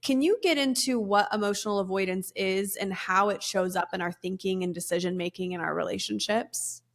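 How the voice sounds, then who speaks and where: A woman's voice: medium pitch, fairly quick. Woman podcast host, mid-range voice, enthusiastic and supportive interviewer. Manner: enthusiastic and affirming.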